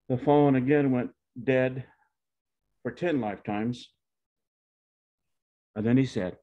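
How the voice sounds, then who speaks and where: Man in his 70s, lowish voice, folksy rambling storyteller, dull lo-fi recording. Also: slow, pauses often, warm tone. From Pawnee, Oklahoma. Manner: folksy, meandering with self-corrections. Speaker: retiree telling his life story. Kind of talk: personal storytelling.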